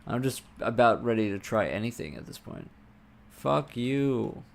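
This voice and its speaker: Man, live-coding streamer; gravelly, unhurried, cursing under his breath, keys typing behind. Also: mid-range voice. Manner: muttering to himself, swearing, excitable bursts. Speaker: livestreamer coding a game.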